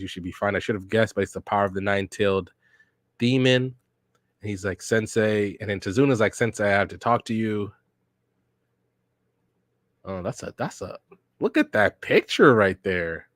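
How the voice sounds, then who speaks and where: A man casually reading a manga aloud for a reaction podcast, narrating scenes in slangy, relaxed speech and reading character lines without much change in voice. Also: lowish voice, normal speed, pauses often, no room sound, clean studio sound. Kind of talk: casual read-along reaction.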